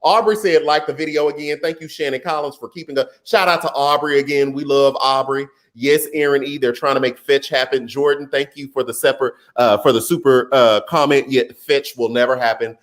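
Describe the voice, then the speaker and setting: A man hosting a live stream, reading viewers' comments and giving casual political commentary in an animated, excitable way that jumps into a high voice. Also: a little fast, few pauses.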